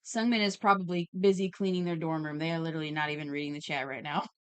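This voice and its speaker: A woman's voice: low-pitched, steady tone, quick pace, clear, resonant tone, no echo. A woman streamer chatting casually while drawing, reading viewers' messages aloud with a giggly, playful manner. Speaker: streamer and digital artist.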